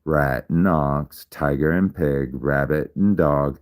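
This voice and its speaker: Very deep-voiced man explaining slowly. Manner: repetitive, counts aloud, checks in with "all right?". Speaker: livestream host. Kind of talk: casual explainer on zodiac signs.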